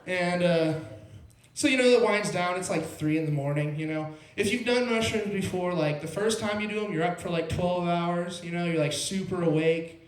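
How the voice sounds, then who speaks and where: A young man with a high-pitched voice does stand-up at an open mic in a small club, speaking at a moderate pace. His rambling, laid-back story is full of "like" and "bro," and the recording has a roomy club sound.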